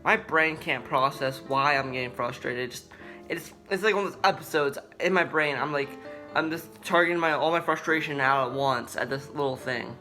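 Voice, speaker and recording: Earnest young man with a bright voice. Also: fairly high pitch, fairly even intonation, soft background music. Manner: earnest, halting, with many restarts. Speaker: vlogger. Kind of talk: personal talk to camera.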